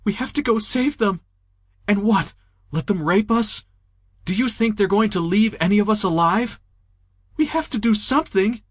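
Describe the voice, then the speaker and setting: A man's voice: sits high, lively intonation, moderate pace, no room sound, clean studio sound, voice pushed up. A man voicing a frightened young woman in an audiobook, tearful and desperate as she pleads to go back. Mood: anguished.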